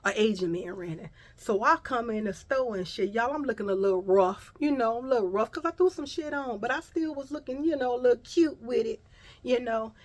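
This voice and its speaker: Woman w an AAVE telling a crazy storytime, cussing and doing everybody's voices, kinda high voice. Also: fairly quick. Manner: animated, profane, acts out voices of others. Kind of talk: casual storytime vlog.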